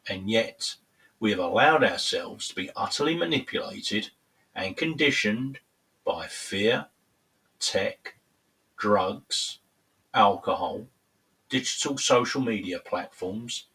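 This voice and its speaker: A man with a Cockney accent and a cold, reading a prepared political monologue in a measured, formal, grave manner. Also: lowish voice, lively intonation, sharp tone, distant mic, poor audio. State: has a cold. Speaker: political commentary host.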